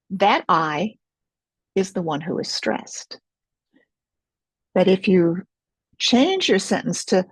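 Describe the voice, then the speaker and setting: Slow, gravelly-voiced woman teaching gently. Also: mid-range voice, lively intonation, no room sound, rough recording. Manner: slow, gentle, reflective guidance. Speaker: webinar teacher. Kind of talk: guided self-help webinar.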